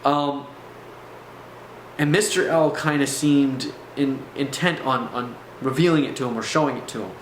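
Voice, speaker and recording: A man's voice: medium pitch, fairly even intonation, moderate pace, slight background noise. A man telling a personal spiritual testimony to camera, earnest and intense, often restarting his sentences. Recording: echoey room.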